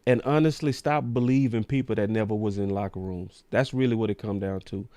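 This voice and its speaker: A man's voice: lowish voice, fairly quick, no room sound. Guy doing sports talk rant, fired up and slangy, dry close mic. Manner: animated, ranting, slangy. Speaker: sports show host. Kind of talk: casual sports commentary.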